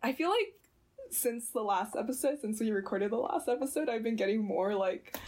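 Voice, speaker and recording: Giggly woman co-host, husky voice. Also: fairly high pitch, expressive, normal speed, a little mellow. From Southern California. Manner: giggly, self-deprecating, laughs often. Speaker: podcast co-host. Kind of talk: casual chat.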